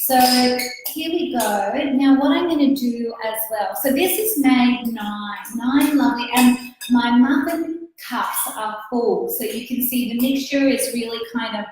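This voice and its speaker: A chatty Australian woman with a fairly high voice runs a casual live cooking demonstration. She greets viewers by name and talks her way through the recipe with easy fillers. The sound bounces around a very echoey home kitchen. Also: unhurried, a little mellow, a little hiss or hum. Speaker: cookbook author hosting a live cooking stream.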